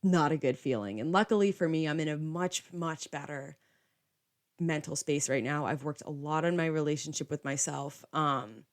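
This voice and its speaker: A young podcast host with a notably low-pitched voice talks at a moderate pace through a casual monologue. Chatty and loose, she fills her lines with "like" and quotes dialogue while recounting what went on.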